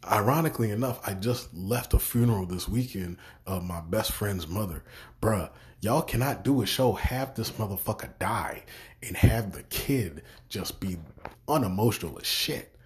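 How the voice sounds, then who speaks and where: Young male podcaster, low-pitched, profane and exasperated, circles back and repeats himself. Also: lively intonation, moderate pace, slight background noise. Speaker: podcast host. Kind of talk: profane ranting review.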